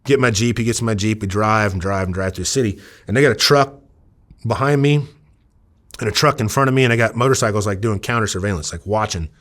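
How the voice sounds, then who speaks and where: A man's voice: on the low side, quick pace. A middle-aged man from Iowa, a former undercover officer, telling a story in an interview and acting out the voices of the people in it. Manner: animated, acts out quoted voices.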